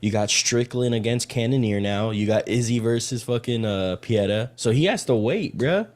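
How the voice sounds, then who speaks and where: A man co-hosting a fight-sports podcast, relaxed and casual, often tossing in "bro" and "bruh.". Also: mid-range voice, normal speed. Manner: laid-back, says bro and bruh often. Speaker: podcast co-host.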